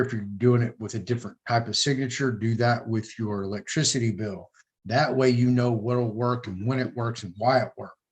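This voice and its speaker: A man's voice: mid-range voice, husky. A man with a Texan accent hosting a casual live show, telling stories and acting out the dialogue. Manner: animated storyteller, acts out quoted dialogue. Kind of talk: casual live-stream chat.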